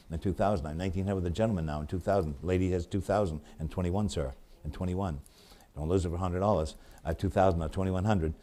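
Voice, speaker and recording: A man working as an auctioneer, calling bids in rapid repetitive runs and breaking off for chatty asides about the items, with a New England accent. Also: low voice, dark tone.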